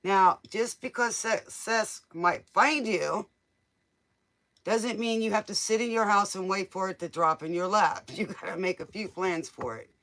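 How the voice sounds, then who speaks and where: A man's voice: high voice, a little slow, pushed and bright. A man doing a casual live-stream tarot reading, joking, teasing and laughing as he answers viewers' questions. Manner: jokey, teasing, laughs often. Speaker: tarot reader.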